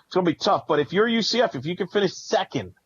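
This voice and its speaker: A man's voice: sits high, expressive, fast talker, breathy edge, no room sound, dull audio. A man co-hosting a sports podcast, talking through team records and stats in a rambling, analytical way. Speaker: podcast co-host. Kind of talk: casual sports talk.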